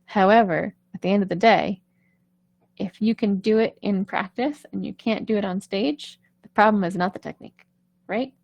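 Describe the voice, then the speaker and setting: Woman vocal coach, casual live-stream talk, vocal fry, dry close mic. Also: mid-range voice, normal speed, no echo, lo-fi sound. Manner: chatty, reassuring, keeps asking "right?".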